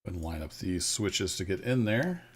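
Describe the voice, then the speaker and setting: Low-voiced male game streamer with an easygoing, chatty manner who talks viewers through his play. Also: big pitch swings, normal speed, husky. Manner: easygoing, self-deprecating, thinks aloud to viewers. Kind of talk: casual live gameplay commentary.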